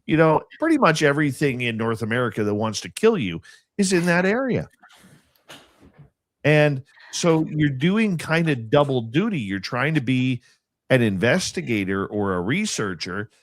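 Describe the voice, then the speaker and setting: A man hosting a radio show, telling anecdotes in a casual, animated way and relishing creepy experiences. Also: medium pitch, moderate pace, no room sound.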